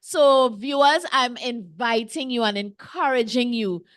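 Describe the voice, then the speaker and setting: High-voiced woman hosting a call-in. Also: a little slow, no echo, clean studio sound. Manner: chatty, teasing callers. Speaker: show host. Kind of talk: live call-in show hosting.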